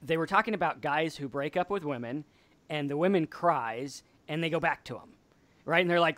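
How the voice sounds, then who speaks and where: A man's voice: a little high, moderate pace, no room sound. A man hosting a casual chat about staying sober, telling stories and acting out quotes. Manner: animated storyteller, acts out quotes. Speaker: podcast host.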